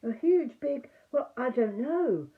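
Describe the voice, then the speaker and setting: Brief: a tiny nervous piglet, voiced by a granny, high squeaky stammer, tinny phone-like sound. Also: female voice, big pitch swings, unhurried. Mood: flustered. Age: older. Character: small timid anxious male piglet.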